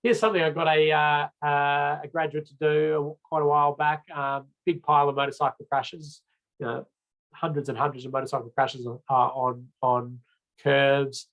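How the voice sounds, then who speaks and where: A man's voice: a little high, level tone, normal speed, fairly bright tone, dull audio. Chatty Australian man giving a lecture. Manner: casual, chatty, with frequent fillers and restarts. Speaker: road safety trainer. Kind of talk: recorded training lecture.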